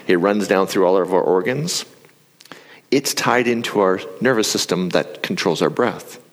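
A middle-aged man speaking from a stage, calmly coaching an audience through a breathing exercise. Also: low voice, normal speed. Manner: calm, coaching, with demonstrations. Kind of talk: live talk with guided breathing. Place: large hall before an audience. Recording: live hall with long reverb.

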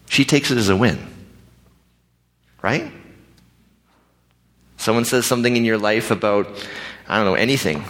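A pastor telling a personal story in a conversational, animated way, acting out the other people's lines. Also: male voice, on the low side. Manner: animated, conversational, acts out dialogue. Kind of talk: storytelling sermon. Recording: reverberant hall.

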